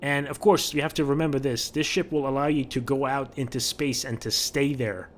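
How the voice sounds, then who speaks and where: A man's voice: mid-range voice, fairly even intonation, a little fast, a little hiss or hum. A man giving casual, chatty commentary over gameplay, often repeating words as he thinks aloud. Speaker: gaming video creator.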